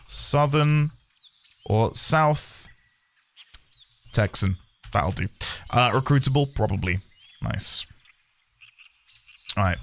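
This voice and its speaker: Animated joking male streamer. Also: mid-range voice, unhurried, long pauses. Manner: joking, self-mocking, animated. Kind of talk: casual gameplay commentary.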